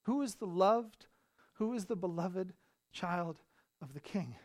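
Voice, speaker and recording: A male pastor delivering a sermon in a church, building to loud, emphatic repeated phrases. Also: sits high, animated, a little slow. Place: church sanctuary.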